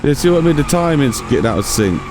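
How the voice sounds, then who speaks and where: A man's voice: medium pitch, sing-song, quick pace, noisy background. A man casually commentating over his own driving game, chatty and self-mocking, talking straight to his viewers. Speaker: gaming channel host. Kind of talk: let's-play commentary.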